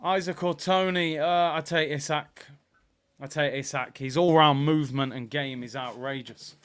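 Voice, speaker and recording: A young man hosts a live football watchalong, reading viewers' comments and reacting to the game. His voice sits a little high for a man, and he swings from easygoing chat to loud, excited outbursts. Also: normal speed, smooth. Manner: animated, banter with chat, bursts of excitement.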